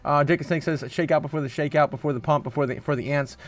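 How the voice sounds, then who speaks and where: A man hosting a casual crypto livestream, reading chat aloud, laughing often and breaking into loud bursts of hype between rambling, filler-heavy commentary. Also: on the high side, fairly even intonation, fast talker. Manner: frequent filler uhs and restarts.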